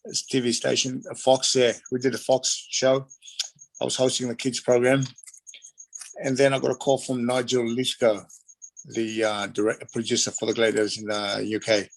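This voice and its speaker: A man's voice: mid-range voice, little pitch movement, normal speed, vocal fry, low-quality recording. A middle-aged Australian man, a retired wrestler, casually telling rambling anecdotes in an interview and acting out the voices of people in his stories.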